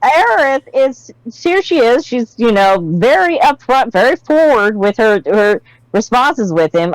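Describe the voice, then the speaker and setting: A woman's voice: a little high, normal speed, no room sound, low-quality recording. A woman co-hosting a casual game discussion, retelling scenes expressively and acting out the characters' lines. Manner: expressive, acts out quotes in character voices. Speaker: podcast co-host.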